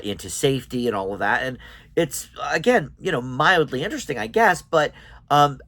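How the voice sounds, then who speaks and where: A man's voice: fairly low pitch, a bit bright. A man hosting his own review show, giving a casual spoken verdict on a TV series in a chatty, hesitant way with many ums and restarts.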